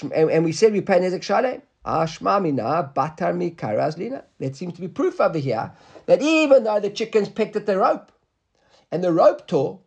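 Husky high-voiced man teaching Talmud. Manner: explains step by step, often asks "right?" to check students follow; mixes English with Hebrew and Aramaic terms. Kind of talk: Talmud class lecture.

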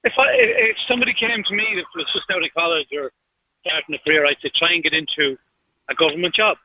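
A man's voice: fairly high pitch, sing-song, fast, no echo. A man with an Irish accent calling in to a radio show, blunt and opinionated. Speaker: caller. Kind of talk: phone-in call. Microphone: phone line. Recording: muffled phone line.

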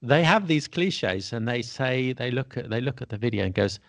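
A man from England hosting a relaxed podcast conversation, laughing easily and trailing off at times. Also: medium pitch, moderate pace, gravelly, dry recording. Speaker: podcast host. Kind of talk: casual conversation.

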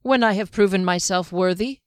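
A man's voice: high-pitched, normal speed, clear, resonant tone, no echo, studio quality, lightly acted. A woman voicing a solemn, self-righteous young male captain who speaks stiffly and earnestly.

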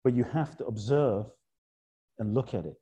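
A man talking as an interview guest in a reflective spiritual conversation. He asks repeated rhetorical questions and drops soft and slow on key points. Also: mid-range voice, lively intonation.

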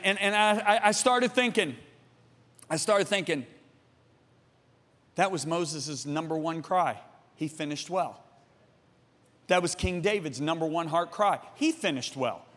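A man delivers a sermon in a high, impassioned voice, pulling his listeners into a personal story and calling on them to answer back. His words ring out through the long reverb of a big church hall. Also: lively intonation, a little slow, pauses often, fairly bright tone. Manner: impassioned preaching with storytelling, calls on the congregation. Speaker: preacher.

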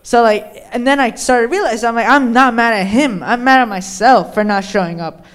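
A man's voice: extremely high pitch, moderate pace, fairly bright tone, clean tone. A teenage boy talking candidly in a casual conversation, telling a story with many fillers. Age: teens. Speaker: son, guest.

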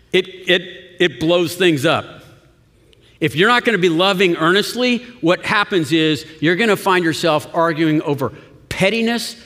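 Pastor guy preaching, high voice, chatty, laughs a lot, big echoey church hall. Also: a bit bright. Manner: conversational, chuckling, frequent restarts. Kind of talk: sermon. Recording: long reverb of a church hall.

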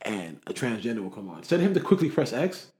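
A young man from the area, telling stories in a slangy, animated way during a casual chat. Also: medium pitch, fast. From Toronto area, Canada.

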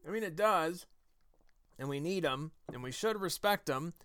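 A combative, sarcastic man hosting a political podcast. His voice sits fairly high and rings smooth and resonant, and he turns emphatic as he argues. It is recorded close and dry. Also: lively intonation, moderate pace, a bit bright, no echo. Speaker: podcast host. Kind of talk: political commentary monologue.

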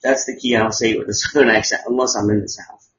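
This podcast host has a lowish, slightly bright voice, keeping a steady tone at a quick pace over slight background noise. He chats casually and crudely, rambling, sarcastic and swearing freely, on dull lo-fi audio.

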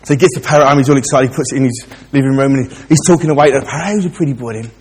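A man's voice: medium pitch, fairly even intonation, rapid-fire, darkish tone, in a large hall, a little hiss or hum. A man preaching a chatty, direct sermon in a church and speaking straight to the listeners. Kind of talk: informal sermon with a joke.

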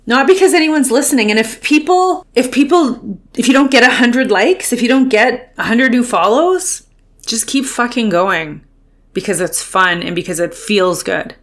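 A woman's voice: a little high, animated, moderate pace. A woman hosting her own podcast, giving a fired-up, profane motivational pep talk as a speaking coach.

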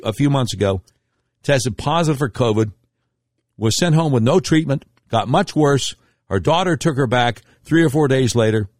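A man's voice: no room sound, clean studio sound. A middle-aged man hosting a radio talk show, delivering a political commentary monologue in an emphatic, indignant way. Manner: emphatic, indignant storytelling with sharp pitch swings.

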